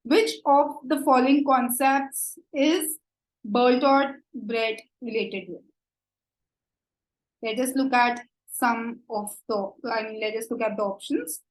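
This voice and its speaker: A woman with an Indian English accent giving an exam coaching lecture, slow and deliberate, often checking with "right?". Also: fairly high pitch, reverberant, rough recording. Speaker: teacher.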